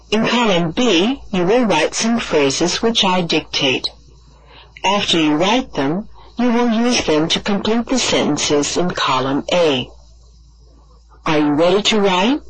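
A woman reading classroom instructions and examples for an audio language course, clear and deliberate, spelling words out letter by letter. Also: fairly low pitch, low-quality recording. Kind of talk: slow scripted classroom instruction.

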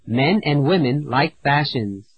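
A man with a slightly high, husky voice teaches an English lesson in a measured, deliberate way. He reads out words and sentences slowly and clearly for learners to repeat. The sound is dry and a little dull, like an old lo-fi lesson tape. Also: lively intonation, dry recording. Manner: slow, clear, deliberate drilling with pauses. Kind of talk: scripted language lesson narration.

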